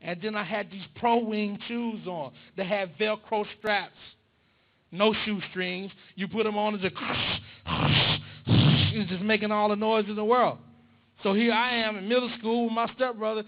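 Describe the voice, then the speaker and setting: A man preaches into a microphone in a church, swapping stories and jokes with the congregation. His voice sits high for a man. The recording is muffled and lo-fi. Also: fairly even intonation, moderate pace. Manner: conversational, humorous, addressing the congregation. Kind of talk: storytelling sermon. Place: church sanctuary. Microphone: handheld or stand microphone.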